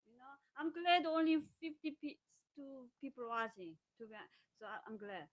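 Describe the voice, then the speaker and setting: A woman with a Korean accent talking casually in broken English, animated and acting out quotes. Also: high-pitched, moderate pace. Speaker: guest. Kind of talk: casual chat.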